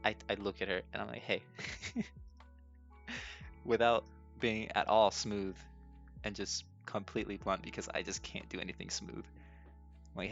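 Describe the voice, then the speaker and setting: A man's voice: on the low side, fairly even intonation, a little slow, vocal fry, pauses often, a bit bright. A young man hosting his own podcast, telling a personal story casually, nervous and self-deprecating, laughing often. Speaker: podcast host. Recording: dull lo-fi sound with faint music.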